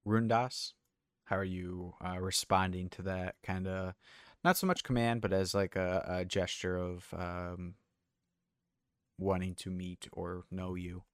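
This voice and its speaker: A man narrating a tabletop game as game master, halting and full of fillers. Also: deep voice, steady tone, dry recording, studio quality.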